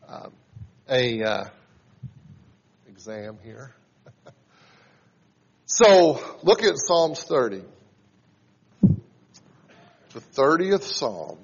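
A man in his forties preaching a sermon, teaching in a conversational way and reading scripture aloud with rising emphasis. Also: a little high. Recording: dull sound in a reverberant hall.

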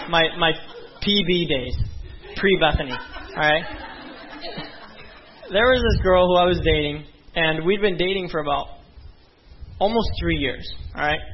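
A man's voice: on the high side, a little hiss or hum. A young man preaching a sermon as a pastor, earnest and conversational, with frequent asides to the congregation. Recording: dull lo-fi sound.

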